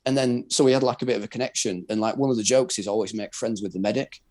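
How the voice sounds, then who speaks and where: Speaking fast in a lowish, slightly mellow voice, this British man is a former soldier and wheelchair rugby player guesting on a podcast. He recounts his story in a casual, candid, rambling manner, full of filler words.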